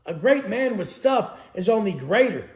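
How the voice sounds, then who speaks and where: A man's voice: high voice, big pitch swings, moderate pace, a little mellow, echoey room. A man giving a blunt, profane motivational talk as a coach, preaching to his audience.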